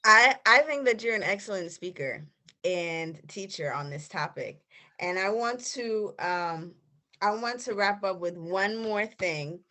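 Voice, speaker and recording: A woman's voice: medium pitch, expressive, measured pace, sharp tone. A woman hosting an author interview, chatty and friendly, reading passages aloud over a video call. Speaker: interviewer host.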